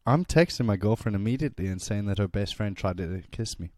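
A man's voice: lowish voice, lively intonation, brisk, darkish tone, no room sound, clean studio sound. A young man co-hosting a casual podcast chat, teasing and giggly as he asks cheeky hypothetical questions. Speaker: podcast co-host.

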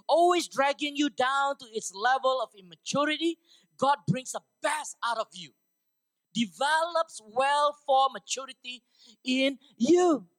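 Woman preacher, emphatic sermon to students, dry close sound, checks in with the crowd. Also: no room sound. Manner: emphatic, often asks the crowd for agreement; bursts into loud, high exhortations.

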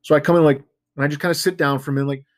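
A man's voice: on the high side, steady tone, very fast, dry recording. A man telling a spooky story in casual talk, rambling and full of fillers, joking about himself now and then. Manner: rambling, filler-heavy with frequent "like". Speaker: storyteller guest.

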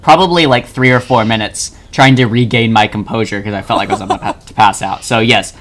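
A young man co-hosting a podcast who is quick to laugh and chimes in with quips. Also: lowish voice, noisy background. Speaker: podcast co-host. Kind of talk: casual chat.

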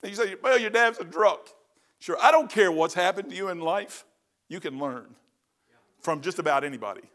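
An older man, a pastor telling folksy stories in a sermon, rambling and swinging from loud to hushed. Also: high voice, animated, moderate pace. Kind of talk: storytelling sermon.

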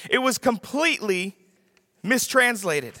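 A man's voice: sits high, big pitch swings, unhurried, pushed and bright, clean studio sound. A man preaching a sermon with emphasis, repeating his key lines for the congregation to write down. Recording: long reverb of a large hall.

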